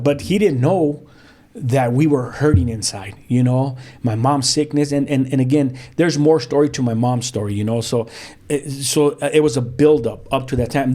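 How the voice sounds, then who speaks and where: La dude, pastor now, telling his story casual with slang, mellow dark voice. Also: mid-range voice. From South Central Los Angeles. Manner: street slang, repeated restarts, acts out quoted voices. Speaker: pastor and podcast guest. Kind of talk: personal testimony in a podcast interview.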